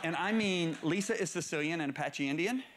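A middle-aged male preacher telling stories in a sermon, swinging between low murmurs and raised, excited bursts. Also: a little fast, heavy background noise. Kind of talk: storytelling sermon.

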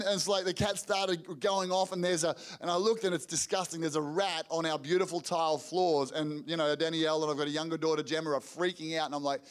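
A middle-aged man preaching to a church congregation, telling lively family stories with quick restarts and acted-out quotes. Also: a little high. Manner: energetic storytelling with rapid restarts and acted-out quotes. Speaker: pastor. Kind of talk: sermon storytelling. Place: church hall before a congregation.

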